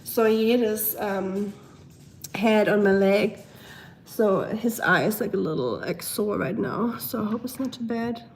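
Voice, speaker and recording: A young German woman with a German accent, a bit hoarse from a cold, chatting casually on a home live stream, reading viewer comments and talking to her pets. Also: medium pitch, a little slow, slight background noise. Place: at home, indoors.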